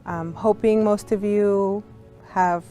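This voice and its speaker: A woman's voice: medium pitch, fairly even intonation, takes it slowly, dark tone, soft background music. A woman who works as a sign language interpreter, patiently teaching a beginner lesson to young students step by step.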